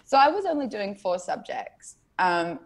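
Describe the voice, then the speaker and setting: A young Australian woman in casual chat as a guest, animated and laughing, swearing freely. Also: mid-range voice, measured pace, slight background noise.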